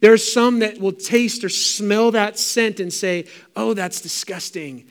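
A man's voice: sits high, steady tone, a little slow, smooth. A middle-aged man preaching a sermon as pastor, fervent and emphatic with repeated phrases.

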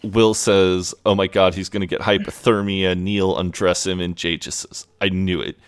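Very deep-voiced man, casual podcast recap. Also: flat delivery, moderate pace, smooth. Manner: laid-back, swears freely, amused. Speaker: podcast co-host.

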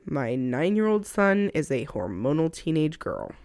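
A woman in her thirties co-hosting a podcast in casual chat, animated and laughing, sometimes stumbling over words. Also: sits low, measured pace, no room sound. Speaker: podcast co-host.

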